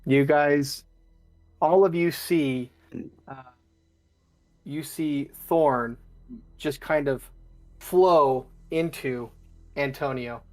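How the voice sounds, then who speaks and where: A man running a tabletop game as game master, describing scenes in a halting way with frequent restarts. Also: fairly high pitch, soft background music. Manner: halting, with many restarts and fillers.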